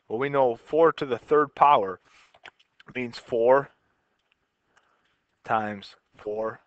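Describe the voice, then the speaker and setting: A man's voice: medium pitch, fairly bright tone, no echo, dull audio. A man teaching a recorded math lesson in a casual way, explaining step by step while he writes. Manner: casual, talks while writing, repeats and restarts.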